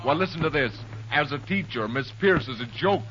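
A man's voice: a little high, animated, fairly quick, a bit bright. An actor playing a cocky, wisecracking grown man in an old radio comedy, with a cheeky, mocking delivery. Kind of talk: 1930s radio comedy acting. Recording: muffled old radio recording with faint hiss.

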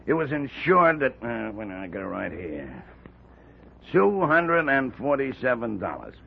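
An actor playing a friendly, chatty man in an old radio drama, with a gravelly, raspy voice. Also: medium pitch, very animated, measured pace, muffled recording, a little hiss or hum.

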